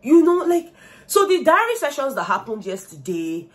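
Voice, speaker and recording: A young Nigerian woman chats through her reality-show recap with gossipy energy, dropping Pidgin phrases and bursting into loud laughter. Her voice sits a little high. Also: moderate pace. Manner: animated, gossipy, mixes Pidgin slang, laughs loudly. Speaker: vlogger. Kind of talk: casual reality-show commentary.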